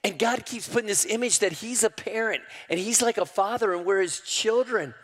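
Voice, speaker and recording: An older man preaching a sermon, folksy and calling the crowd y'all, rising loudly when he quotes scripture. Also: high-pitched, normal speed. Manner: preaching with sudden loud rises to quoted scripture. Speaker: pastor. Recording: long hall reverb.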